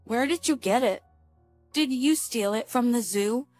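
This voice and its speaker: A woman voicing a protective, gruff elderly grandfather who gives blunt orders, read as a story. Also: a little high, measured pace, darkish tone, no echo, soft background music, lightly acted.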